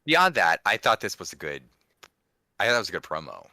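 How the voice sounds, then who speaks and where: A man's voice: low voice, very animated, a little fast, bright, forceful tone, dry recording, clean studio sound. A man co-hosting a casual wrestling podcast, rambling and restarting his sentences as he talks. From DC area, USA. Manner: rambling, self-correcting. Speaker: podcast co-host.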